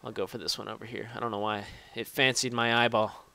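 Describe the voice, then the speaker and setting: Profane rambling young gaming YouTuber. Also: male voice, mid-range voice, little pitch movement, fast talker, vocal fry, pushed and bright, smooth. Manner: rambling, profane, self-mocking. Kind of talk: casual gameplay commentary.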